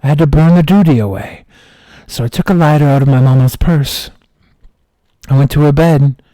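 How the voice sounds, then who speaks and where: Man, comic host telling a fake scary story slowly and deadpan; fairly high pitch, very dry audio. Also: no room sound. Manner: mock-dramatic, slow deadpan delivery. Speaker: streamer.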